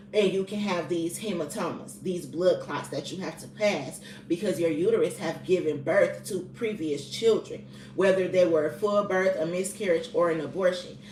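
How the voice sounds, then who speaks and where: A woman's voice: lowish voice, darkish tone. A woman in her thirties giving a candid personal testimony, blunt and profane, with colloquial grammar. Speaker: vlogger sharing personal testimony. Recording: roomy echo, distant from the mic, faint background noise.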